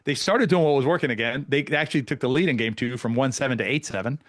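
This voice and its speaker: A man, a pickleball coach, telling stories in a casual podcast chat, animated and full of restarts. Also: mid-range voice, no room sound, clean studio sound. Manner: fast, animated storytelling with many restarts.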